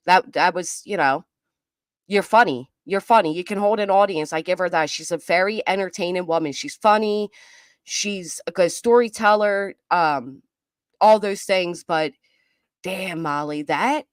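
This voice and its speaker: A woman's voice: medium pitch, no room sound, clean studio sound. A woman doing live reaction commentary, chatty and reading viewer comments aloud. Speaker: commentary streamer.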